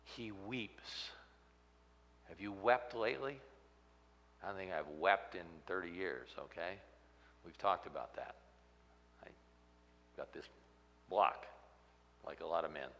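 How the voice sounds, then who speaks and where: A man preaching a sermon, swinging from loud outbursts to hushed, near-whispered lines. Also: deep voice, takes it slowly, creaky, long pauses, long reverb tail, slight background noise. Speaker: pastor.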